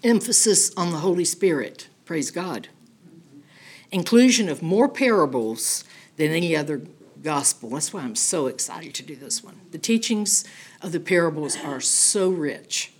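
A middle-aged woman teaching a Bible study in an animated, emphatic, conversational way, often checking in with "okay?". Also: deep voice, unhurried, breathy edge.

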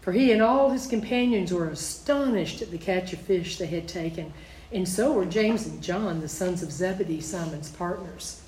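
A woman leads a Bible study, reading scripture aloud and then unpacking it in plain, conversational asides. Her voice is fairly low and slightly mellow, at a normal speed. The room is echoey, with a little hiss or hum.

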